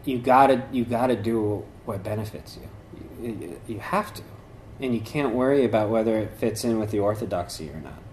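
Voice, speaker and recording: A man's voice: fairly low pitch, lively intonation, normal speed, darkish tone, a little hiss or hum. A man giving an informal talk on meditation and yoga traditions, rambling conversationally with many fillers and restarts. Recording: echoey room.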